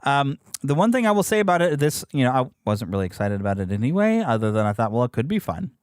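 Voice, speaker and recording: Sex: male. Role: podcast host. Style: animated, rambling chat. Pace: fast. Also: mid-range voice, clean tone, dry recording, studio quality. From United States. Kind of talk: casual chat.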